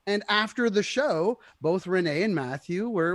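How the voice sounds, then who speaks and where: Lively, higher-voiced man chatting. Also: normal speed, hardly any pauses, no room sound. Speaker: guitarist guest. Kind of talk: casual livestream chat.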